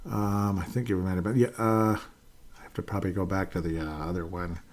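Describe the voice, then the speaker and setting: A man's voice: deep voice, steady tone, a little fast. A man hosting a casual solo sports podcast, rambling along with frequent fillers and restarts. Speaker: podcast host.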